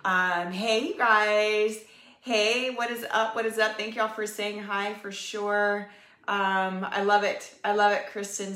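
Speaking to a live audience in a casual livestream, this female health coach delivers a cheerful, chatty pep talk full of fillers while drawing on a whiteboard at home. Her voice is medium in pitch and a bit bright, with echo from the room.

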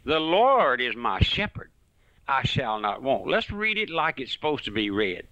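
A man's voice: medium pitch, very animated, unhurried, pushed and bright, no echo, lo-fi sound. A man preaching a folksy, fervent radio sermon that rises and falls.

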